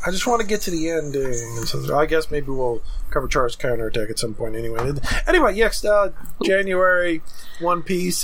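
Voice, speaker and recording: A podcast co-host in casual chat, relaxed and wry, often trailing off mid-thought. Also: medium pitch, slight background noise.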